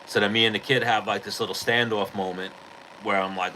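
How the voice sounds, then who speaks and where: A man's voice: on the low side, fairly even intonation, brisk, sharp tone, a little hiss or hum, rough recording. A man hosting a podcast, telling a story in casual, rambling chat full of swearing and "like". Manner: rambling, profane, heavy on "like". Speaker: podcast host.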